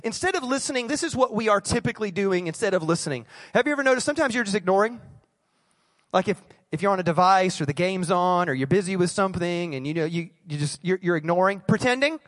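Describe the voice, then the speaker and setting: A male pastor preaching to his church in a fairly high voice. He talks to the congregation directly and keeps throwing them questions. The sound is close and dry, with hardly any room echo. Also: animated, fairly bright tone. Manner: conversational preaching, quizzes the congregation and acts out quick asides. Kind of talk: sermon.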